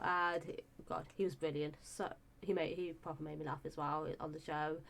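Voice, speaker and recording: A woman's voice: low-pitched, little pitch movement, moderate pace, a bit bright. A young woman chatting casually and enthusiastically about a show she reviews, with lots of fillers and restarts.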